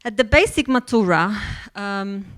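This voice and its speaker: Teacher trainer, woman, hesitant delivery full of fillers, mid pitch. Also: expressive, unhurried, a bit bright. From Poland. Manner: hesitant, many fillers and restarts. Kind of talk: workshop presentation.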